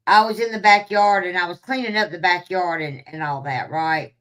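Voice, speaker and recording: A woman telling a story to her viewers in a casual, animated way, swearing freely and laughing at herself. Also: fairly low pitch, normal speed. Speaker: streamer talking to live chat.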